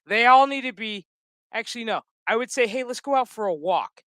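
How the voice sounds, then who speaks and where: Guy ranting and cussing nonstop, bright sharp voice, smooth and clean. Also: very high voice, animated, brisk, no room sound, clean studio sound. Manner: heated, swearing constantly, loud outbursts. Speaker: streamer reviewing a TV episode. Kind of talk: profane angry rant.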